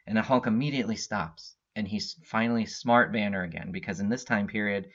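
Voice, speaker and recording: Rambling low-voiced man recapping comics. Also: brisk, few pauses, fairly bright tone. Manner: rambling, filler-heavy retelling. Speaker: comic book podcast host. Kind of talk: casual storyline recap. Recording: dull lo-fi recording.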